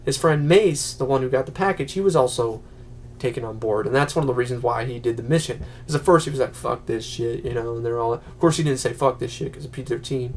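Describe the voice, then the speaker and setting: A man giving a casual, rambling spoken film review, full of fillers and quick acted-out quotes. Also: mid-range voice, darkish tone, slight background noise. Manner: rambling, many "you know" fillers, acts out quotes. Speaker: movie reviewer.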